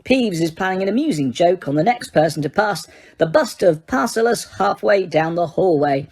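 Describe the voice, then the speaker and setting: A woman voicing a prim, bored ghost of an old-fashioned gentleman in an audiobook reading. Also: lowish voice, animated, moderate pace. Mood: warning. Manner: bored, fussy and proper.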